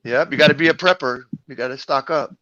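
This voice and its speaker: A man's voice: medium pitch, fast talker, pushed and bright, muffled recording. A man on a casual livestream who chimes in with short remarks.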